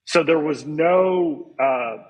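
Husky-voiced man, earnest interview guest. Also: on the high side, takes it slowly, rough recording. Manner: earnest, storytelling, repeats key points. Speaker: guest, company CEO and author. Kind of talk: interview conversation.

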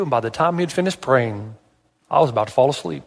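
A man's voice: medium pitch, animated, fast, in a large hall, a little hiss or hum. A male pastor preaching a sermon, telling stories with animation and asking emphatic rhetorical questions.

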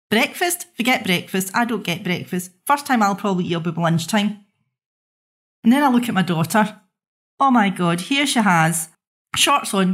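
Exasperated Scottish mother ranting. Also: on the high side. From Scotland. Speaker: mother telling her story. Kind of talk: monologue.

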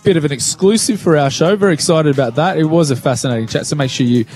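A man with an Australian accent co-hosts a radio show from his living room, chatting casually and often joking and laughing. He talks fast in a higher, darkish voice, with faint music playing behind him.

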